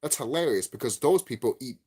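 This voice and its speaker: A man's voice: fairly quick, breathy edge. A man giving a profane, angry vlog rant about a game, repeating himself and cursing. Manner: angry, profane, repetitive ranting; lively swinging pitch, gets loud and high when worked up. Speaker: YouTube game commentator. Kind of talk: ranting vlog commentary.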